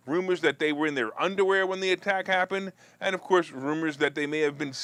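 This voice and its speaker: Joking talk show host, dry close sound. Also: male voice, sharp tone, dry recording. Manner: loose and joking, with restarts and asides to viewers; mocks opponents in a whiny high voice. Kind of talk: live-streamed political and finance chat.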